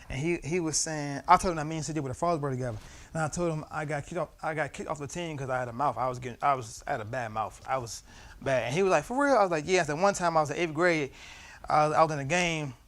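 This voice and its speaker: Young guy, a touch high-pitched, teaching Bible study in a relaxed storytelling way with lots of slang. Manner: loose, storytelling, laughing often, slangy. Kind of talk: casual Bible study teaching with personal stories. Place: church.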